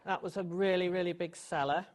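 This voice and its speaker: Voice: medium pitch, steady tone, a little fast. Designer guest, 60s, mid voice, friendly, matter-of-fact storyteller. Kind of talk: studio interview chat.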